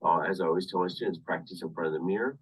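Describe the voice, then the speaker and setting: A man with a low, slightly husky voice gives a university English lecture over a video call, heard through a webcam mic set a little back from him. He explains step by step and circles back to the same points, leaning on "of course" again and again. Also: far from the mic, poor audio. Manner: repetitive, explains slowly with many "of course" asides. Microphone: computer webcam mic on video call.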